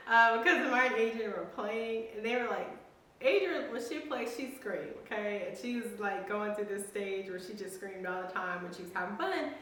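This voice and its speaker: A woman with a bright, crisp voice tells a family story with animation, acting out the lines she quotes. She's recorded from a distance in a very echoey room. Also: mid-range voice, moderate pace, a little hiss or hum. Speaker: family vlogger. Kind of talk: casual storytelling.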